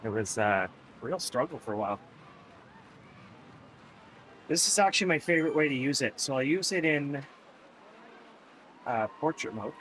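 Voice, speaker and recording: A man's voice: mid-range voice, lively intonation, normal speed, long pauses, a bit bright. Guy streaming his indoor bike ride, chatty and laughy, bit of background hiss. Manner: chatty, laughs often, talks to viewers. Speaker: streamer riding an online cycling race. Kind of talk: casual live-stream chat.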